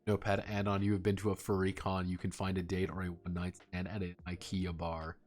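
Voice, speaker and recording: A man chatting casually on a live stream, excitable and profane, swearing and laughing often as he rambles. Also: low-pitched, quick pace, soft background music.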